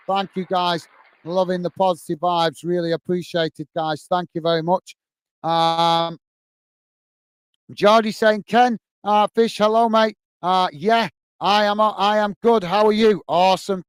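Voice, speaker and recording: A man's voice: high-pitched, smooth, dry recording. Upbeat man hosting a watch-along. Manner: upbeat, thanks viewers warmly, reads comments aloud slowly. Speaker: host. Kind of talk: live match watch-along chat reading viewer comments.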